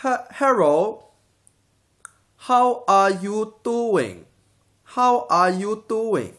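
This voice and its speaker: Man putting on a sing-song mock accent, much higher pitch, loud, slow and clipped. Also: sing-song, full character voice. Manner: slow, drawn-out, clipped broken grammar.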